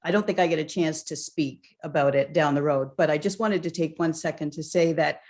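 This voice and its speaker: A woman's voice: low-pitched, steady tone, a little fast, a little mellow. A woman author speaking heartfelt thanks on a video call, near tears. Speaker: award-winning author. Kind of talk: acceptance remarks.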